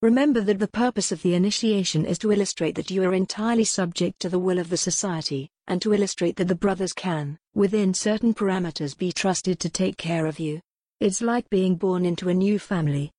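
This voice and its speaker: A woman voicing a calm, matter-of-fact man of a secret society who explains rituals in an audiobook reading. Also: fairly low pitch, a little fast, no room sound, studio quality, lightly acted. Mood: explaining.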